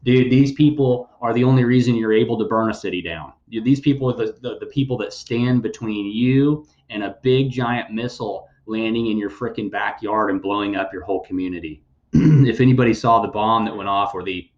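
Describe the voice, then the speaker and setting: A man's voice: on the low side, a little fast, echoey room, highs cut off. A man hosting a podcast, giving blunt, sarcastic news commentary and swearing freely. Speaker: podcast host.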